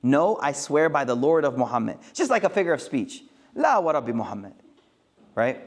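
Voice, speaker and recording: Male speaker, mid-pitched voice, lecturing a live audience in a relaxed, slangy, joking way. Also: normal speed. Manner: lively and joking, with street slang. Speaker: Islamic speaker. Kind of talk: casual talk to a live audience.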